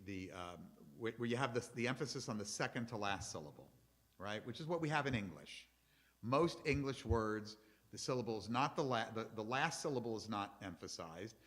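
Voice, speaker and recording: A man's voice: mid-range voice, bright, forceful tone. A middle-aged man, a rabbi, giving a chatty, explanatory lecture to his congregation and taking questions from the audience.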